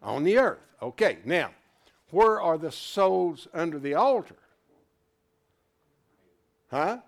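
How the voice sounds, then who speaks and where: A man teaching a Bible class, animated, who keeps asking rhetorical questions and restarting his words as he thinks aloud. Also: fairly high pitch, unhurried, gravelly.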